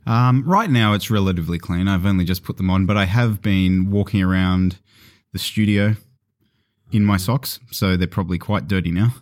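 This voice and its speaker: A man's voice: low voice, moderate pace. A man with a British accent, a podcast guest explaining history step by step in a casual chat. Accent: British English. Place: studio.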